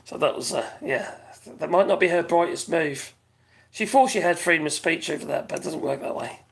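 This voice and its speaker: A British man hosting a live stream, chatting casually in a rambling way, reading out viewers' comments, his voice going hoarse. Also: a little high, expressive, a little fast, slight background noise. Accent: British English. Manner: rambling, chatty, laughs often, reads out viewers' chat.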